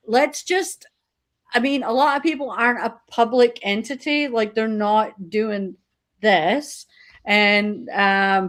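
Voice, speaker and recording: A woman on a casual group video call, speaking earnestly and haltingly with many fillers. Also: medium pitch.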